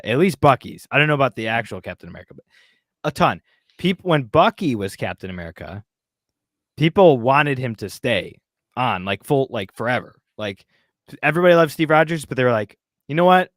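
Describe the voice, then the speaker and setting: A man's voice: medium pitch, fairly bright tone, no echo, clean studio sound. A man hosting a casual podcast chat, reading an article aloud in a mocking tone with many fillers. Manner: mocking, with frequent fillers and laughs. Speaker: podcast host.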